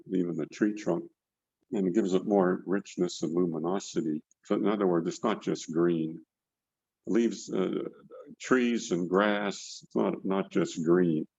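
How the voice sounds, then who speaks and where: Over a video call from his indoor studio, an older male painting instructor talks loosely through a demonstration, repeating words while he works. He has a deep, creaky voice that is slightly rough with a darkish tone. The recording through the call mic is dry and dull.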